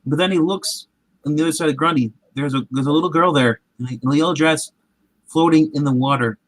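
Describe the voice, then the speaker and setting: Guy rambling through a tv recap, kinda high voice, acts out the quotes, dry close sound. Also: fast, no echo, poor audio. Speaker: comic show recap host. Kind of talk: casual recap chat.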